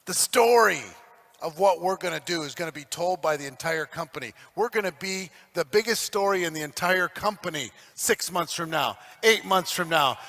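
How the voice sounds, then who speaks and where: A man delivers a stage talk as a motivational speaker, preachy and emphatic, pushing up into shouts. His voice sits high and rings sharp and forceful. The recording carries a long, echoey hall tail. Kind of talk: stage talk to a live audience.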